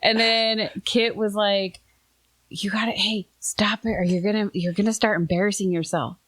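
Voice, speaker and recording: Woman, middle-aged, podcast co-host, casual storytelling, animated quoted voices, mid-range pitch. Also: moderate pace. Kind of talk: casual chat.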